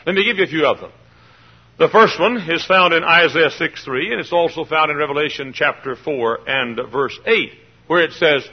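A man's voice: on the high side, moderate pace, slightly rough, dull audio. A man preaching a sermon with passion, hollering, pounding the pulpit and mimicking voices.

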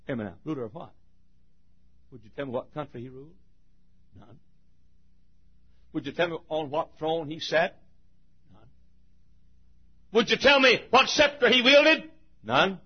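A male preacher delivering a revival sermon in a husky voice, swinging from booming shouts to hushed asides and sing-song chants. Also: lively intonation, unhurried, pauses often, highs cut off.

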